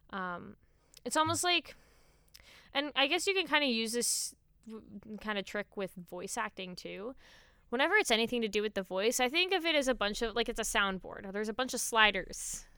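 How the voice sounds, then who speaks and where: A woman's voice: a little high, sharp tone, smooth, no echo, studio quality. A woman co-hosting a podcast, explaining vocal technique in a casual chat with many fillers. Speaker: podcast co-host.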